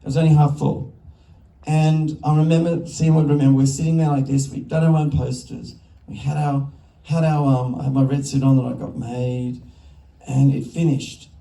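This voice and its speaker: Gravelly, mid-range, and at a moderate pace, an Australian director tells anecdotes with animated energy, interrupting himself as he goes. It's a festival stage conversation in front of an audience, heard through a distant mic in an echoing hall.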